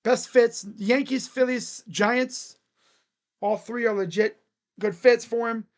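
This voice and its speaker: A sports channel host chatting casually on a live stream, making predictions in a jokey, rambling way with sudden shouted bits. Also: medium pitch, steady tone, slow pace. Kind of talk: casual live-stream commentary on baseball free agents.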